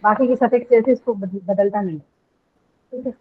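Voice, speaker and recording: A woman with an Indian English accent teaches an online class at a brisk pace, her voice pitched slightly high. She explains step by step and keeps checking understanding. The sound is tinny and narrow, like a phone line. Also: husky. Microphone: video call.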